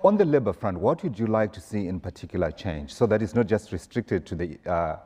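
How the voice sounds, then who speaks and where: A man moderating a panel, putting brisk, direct questions to the speakers. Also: lowish voice, expressive, dark tone, breathy edge.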